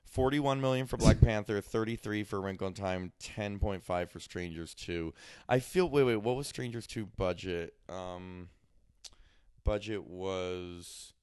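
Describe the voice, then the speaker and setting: A man in his twenties co-hosting a casual chat about movies, talking in quick bursts and often cutting himself off mid-sentence. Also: on the low side, darkish tone, smooth, no room sound, studio quality. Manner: chatty, self-interrupting, quick to laugh. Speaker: podcast co-host.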